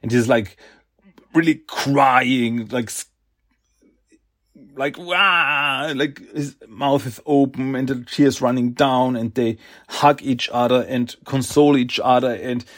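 A man hosting a podcast, casually recapping a comic book in a slow, halting way with lots of fillers. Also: medium pitch. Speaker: podcast host.

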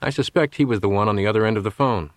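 A shrewd male bank executive speaks in a low, measured voice, careful with every word, as the narrator reads him. He sounds guarded and controlled. The reading is dry and close. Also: dry recording, natural voice.

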